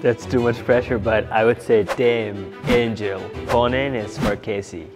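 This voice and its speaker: A man's voice: mid-range voice, steady tone, a little slow. A man joining a game as a contestant, hesitant and unsure in casual chat. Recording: loud background music.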